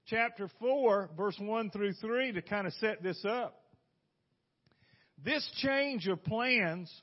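A man preaching a conversational sermon, folksy and quick to toss rhetorical questions to the room. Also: sits high, lo-fi sound. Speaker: pastor.

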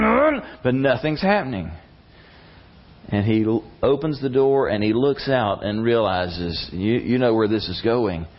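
A man preaching a sermon and telling a story in an animated way, his voice rising at tense moments. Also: medium pitch. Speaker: pastor. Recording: slightly dull lo-fi recording.

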